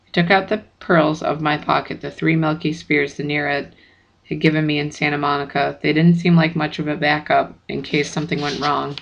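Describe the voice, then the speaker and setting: Gravelly audiobook narrator, lo-fi. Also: mid-range voice, little pitch movement, normal speed, fairly bright tone. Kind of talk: first-person audiobook narration.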